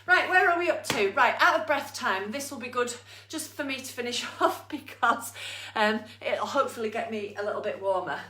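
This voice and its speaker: A woman's voice: fairly high pitch, a little fast, hardly any pauses, background noise. Breathless, upbeat woman fitness instructor. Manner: upbeat coaching, counting down, laughing at herself. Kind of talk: live online exercise class. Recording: roomy echo, from a distance.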